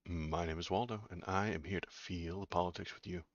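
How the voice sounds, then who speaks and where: A man's voice: deep voice, steady tone, a little fast, no echo, lo-fi sound. A man hosting a casual political livestream, joking and rambling. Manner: joking, rambling, self-mocking. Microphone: webcam setup.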